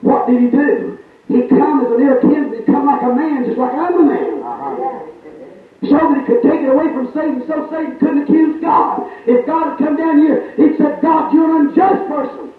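A man with a strikingly high voice delivers a fervent call-and-response sermon, rolling through repeated phrases and checking in with the congregation. The recording is thin and tinny, heard from a distance in a very echoey room. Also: steady tone, normal speed, soft background music. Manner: rhythmic, repeating phrases, often asking the congregation "is that right?". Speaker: preacher. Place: church service.

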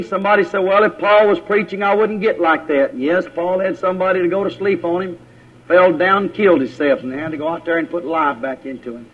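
A man preaches in a folksy way, his voice sitting a little high and swelling up and down as he goes. The sound is dull and lo-fi, like an old church tape. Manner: folksy Southern preaching, rising and falling. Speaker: pastor. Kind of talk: sermon. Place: church service.

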